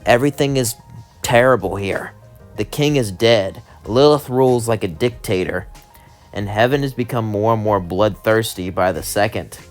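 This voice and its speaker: A calm, kindly male innkeeper of hell, as a narrator plays him, gentle and reassuring in a low voice. Soft music runs faintly underneath. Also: moderate pace, lightly acted.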